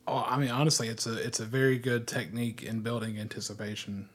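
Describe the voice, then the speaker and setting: Halting man co-hosting a podcast. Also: medium pitch, little pitch movement. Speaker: podcast co-host. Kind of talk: casual discussion podcast.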